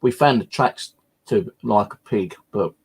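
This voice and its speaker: A man with a fairly low voice talks casually on his live stream. He rambles through stories with plenty of fillers and swearing. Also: unhurried, a little mellow, slightly rough. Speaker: channel host.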